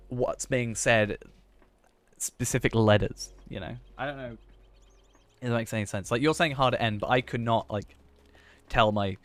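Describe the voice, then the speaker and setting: A man with a medium-pitched, slightly bright voice streams a game. He chats casually and thinks out loud, rambling and poking fun at himself.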